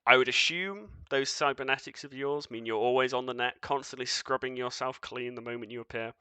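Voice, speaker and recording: A man voicing a cold, commanding being of shifting light in a tabletop game, speaking in measured, formal pronouncements. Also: mid-range voice, pushed and bright, smooth, no echo, close to an everyday voice. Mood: dry.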